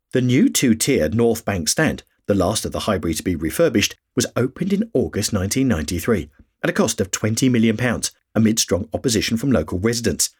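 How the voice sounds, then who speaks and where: A man's voice: lowish voice, breathy edge. A man reading a scripted history narration for a podcast. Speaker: podcast host.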